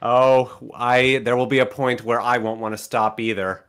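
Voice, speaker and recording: A man's voice: mid-range voice, little pitch movement, moderate pace, fairly bright tone, clear, resonant tone. Easygoing man in casual chat. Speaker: let's play host.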